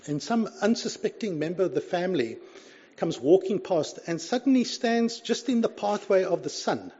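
Reading scripture aloud and repeatedly saying "you see," this man preaches in an earnest, conversational manner. His high-pitched voice is warm and husky, captured on a dull lo-fi recording.

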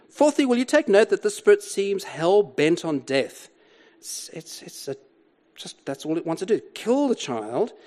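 An older man delivers a sermon, unpacking a Bible passage with emphasis, repeated key words and rhetorical questions. His voice sits high with a darkish tone.

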